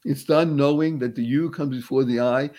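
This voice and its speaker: A man giving an animated, uplifting motivational talk as a guest. He quizzes his listener playfully and slows and stretches words to stress a point. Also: mid-range voice. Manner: playful, teacherly, quizzes the host; spiritual, uplifting tone. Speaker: guest speaker.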